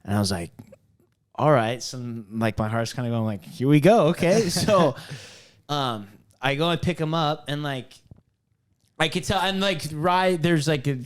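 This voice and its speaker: Smooth-voiced man telling a rambling story. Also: fairly high pitch, moderate pace. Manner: rambling, many fillers and restarts. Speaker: podcast co-host. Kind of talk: casual storytelling.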